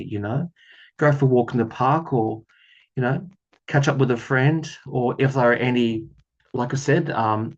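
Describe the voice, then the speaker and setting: A man's voice: medium pitch, dull audio. A man talking casually in a tarot reading vlog, rambling and earnest, often laughing at himself. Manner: rambling, earnest, chatty with self-deprecating laughs. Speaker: tarot reader.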